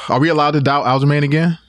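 A man co-hosting a casual podcast, telling stories with animated energy and playful ribbing. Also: a little high, dry recording, studio quality. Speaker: podcast co-host. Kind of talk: casual chat.

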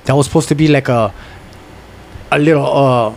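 A man's voice: mid-range voice, normal speed, gravelly, darkish tone, a little hiss or hum. A man co-hosting a podcast, talking in a slangy, profane, emphatic way. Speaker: podcast co-host. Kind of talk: casual chat.

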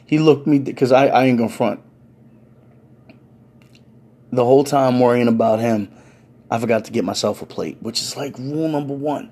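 A man's voice: mid-range voice, fairly even intonation, a little fast, mellow. A man telling a funny story in casual, profane street slang.

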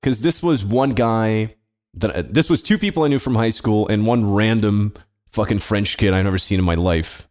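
A man's voice: on the low side, moderate pace, a little mellow. A young man telling a long, profane story to friends, laughing often and acting out the voices of the people in it. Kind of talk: casual storytelling.

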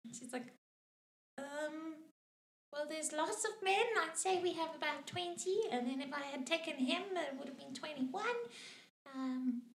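A woman playing a tabletop game, talking hesitantly with many pauses. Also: high voice, creaky, slight background noise. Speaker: player. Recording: roomy echo.

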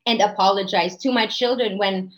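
A woman's voice: mid-range voice, fairly even intonation, normal speed, low-quality recording. A woman in her thirties with a Filipino accent, talking earnestly and reflectively as a mother in a casual podcast chat. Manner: earnest, reflective, switches between English and Filipino. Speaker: guest, mother.

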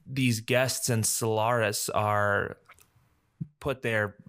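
A man's voice: lowish voice, very slow, smooth. A man casually chatting about film adaptations on a podcast, hedging a lot. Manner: relaxed, hedging with "like" and "apparently". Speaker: podcast co-host.

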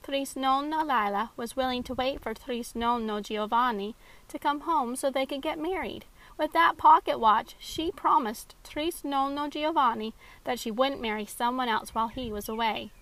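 A woman's voice: high-pitched, moderate pace, a bit bright, rough recording. A woman voicing a patient young girl who explains things to younger kids.

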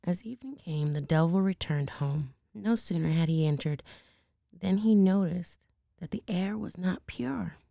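Hoarse woman reading a bedtime story. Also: lowish voice, measured pace, dark tone, dry recording.

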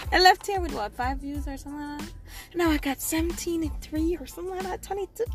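A woman, hosting her own podcast in a rambling, casual solo chat with sudden loud outbursts. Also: extremely high pitch, quick pace, soft background music. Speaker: podcast host.

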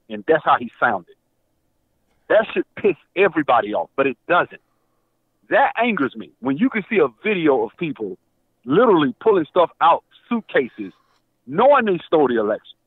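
An agitated man calls in over a tinny phone line, his voice swinging widely in pitch. He stammers and repeats himself, and the sound is dry and close. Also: very animated, brisk, breathy edge, no echo. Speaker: caller. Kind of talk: call-in show conversation. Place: Atlanta area.

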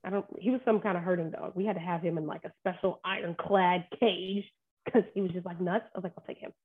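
Casting: woman dog trainer, husky voice, animated and sarcastic, phone-quality line. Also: lowish voice, fast talker. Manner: animated storytelling, sarcastic asides. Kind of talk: casual podcast chat.

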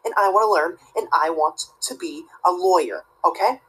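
A woman's voice: on the low side, moderate pace, fairly bright tone, slightly rough, poor audio. A woman acting a prissy, rule-obsessed teacher's pet student in a comedy sketch, tattling and preaching about the rules. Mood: tattling, indignant. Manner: tattling, self-righteous and preachy.

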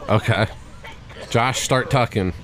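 A man's voice: mid-range voice, slow, a bit bright, a faint crowd. A young man trading dry jokes and swearing in casual gaming banter with friends. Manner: dry joking, swears often. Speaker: gamer.

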